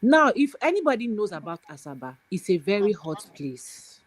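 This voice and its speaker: Woman caller, explaining her view, animated pitch. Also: moderate pace. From Nigeria. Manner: explaining, keeps checking with "you understand". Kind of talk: call-in commentary.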